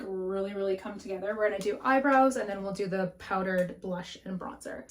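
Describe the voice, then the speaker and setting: A woman's voice: mid-range voice, slight background noise. A young woman talks through her makeup routine in front of a mirror at home, frank and chatty, with swearing dropped in casually. Her breathing runs a little heavy, and the camera mic picks it up. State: breathing heavily. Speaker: beauty vlogger. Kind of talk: casual makeup tutorial chat.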